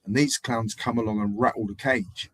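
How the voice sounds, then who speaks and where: A man hosting a live stream, telling rambling, animated anecdotes in casual street slang. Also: lowish voice, moderate pace, husky, no echo. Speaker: livestream host. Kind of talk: casual livestream storytelling.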